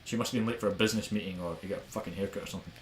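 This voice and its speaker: A young Scottish man with a bit of Glasgow in his accent rants quickly and swears freely as he tells a story on a podcast. His voice sits low, and the room is echoey with a faint hiss in the background. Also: steady tone, soft background music. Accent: Scottish, Glaswegian-tinged. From Scotland. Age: young adult. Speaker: podcast co-host. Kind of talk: casual podcast rant.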